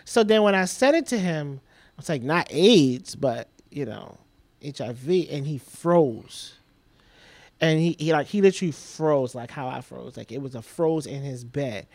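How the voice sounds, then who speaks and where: Man, slightly high voice, dry close sound, candid podcast storytelling, rambling with lots of "like". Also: lively intonation, a little slow, darkish tone, no room sound. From Trinidad. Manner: rambling, repeats himself, heavy use of "like". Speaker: guest.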